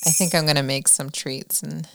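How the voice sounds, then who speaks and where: Podcast co-host, woman, deep gravelly voice, playful and chatty. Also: fairly even intonation, normal speed, fairly bright tone, faint music behind. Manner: chatty, laughs often, playful teasing. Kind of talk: casual chat.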